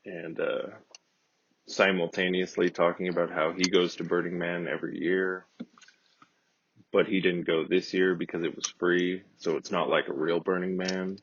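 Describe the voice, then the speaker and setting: A man casually telling a rambling, profane, deadpan comedic story as a podcast host. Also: sits low, moderate pace, slight background noise. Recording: dull lo-fi dry recording.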